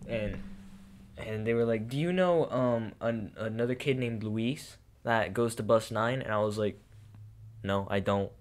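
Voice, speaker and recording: A man's voice: lowish voice, little pitch movement, unhurried. A young man co-hosting a casual podcast, telling a story with many hesitations and fillers. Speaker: podcast co-host. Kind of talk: casual chat.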